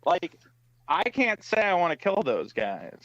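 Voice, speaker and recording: A man in a heated casual online debate, defending himself in a measured way. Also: high voice, very animated, a bit bright, no echo, highs cut off. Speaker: comics debate guest.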